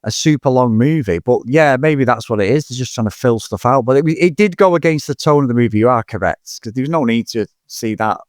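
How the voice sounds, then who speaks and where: A man's voice: medium pitch, expressive, a little fast, few pauses, dry recording, studio quality. A man in his forties, co-hosting a casual film review chat, rambling, swearing and laughing a lot. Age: 40s. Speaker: podcast co-host.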